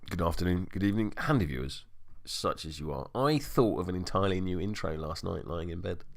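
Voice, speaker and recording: A man's voice: low voice, lively intonation, a little fast, creaky. A man hosting a casual gaming chat from home over a call, with a wry, self-mocking humor. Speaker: podcast host.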